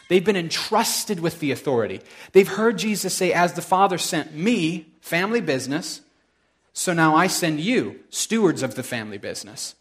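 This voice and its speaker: A middle-aged male pastor preaching a sermon in a casual, storytelling way, with frequent asides to the congregation. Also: a little high.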